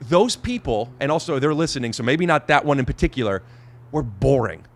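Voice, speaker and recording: A man's voice: medium pitch, big pitch swings, brisk. A man hosting a podcast in casual chat, talking in rambling bursts full of restarts and hesitations. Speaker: podcast host.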